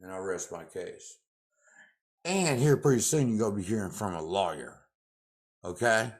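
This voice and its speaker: A man's voice: fairly low pitch, lively intonation, moderate pace. Angry man ranting at the camera. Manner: angry, profane, repetitive, loud outbursts. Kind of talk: confrontational rant to camera.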